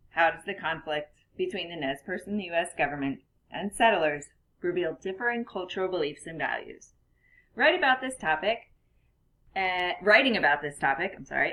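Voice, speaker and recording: A young woman teacher walks her students through a recorded lesson. Her voice sits a little low, and she talks in a chatty way with frequent ums and quick self-corrections. She sounds slightly out of breath. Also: pushed and bright. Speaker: classroom teacher.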